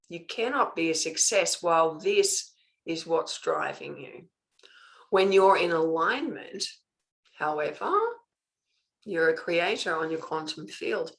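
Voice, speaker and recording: An older woman teaching a spiritual master class, emphatic and punctuating her points with "okay", drawing out key words slowly. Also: lowish voice, rough recording.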